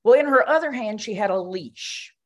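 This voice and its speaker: A woman's voice: on the high side, lively intonation, moderate pace. An older woman, a commission member, giving a spoken reflection at a meeting in a conversational storytelling way, with fillers and restarts.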